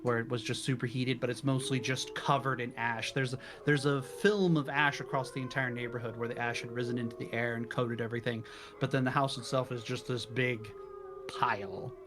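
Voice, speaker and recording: A man narrates a tabletop game as its game master, describing places in unhurried detail with small asides. His voice sits in a middle pitch. He speaks into a call microphone. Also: fairly even intonation. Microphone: headset or desk mic on a voice call.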